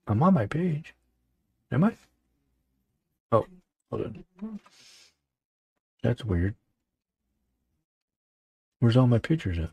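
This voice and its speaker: Male show host, gravelly, casual rambling banter, dry close recording. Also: mid-range voice, expressive, slow pace, long pauses, darkish tone, dry recording. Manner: rambling, joking, many fillers. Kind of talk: casual livestream chat.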